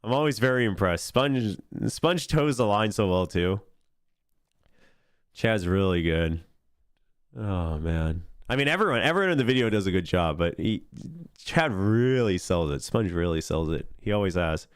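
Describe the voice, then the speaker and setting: A man's voice: fairly low pitch, lively intonation, normal speed, smooth, no room sound, studio quality. A male esports caster reacting casually on a live stream, laughing often and talking animatedly.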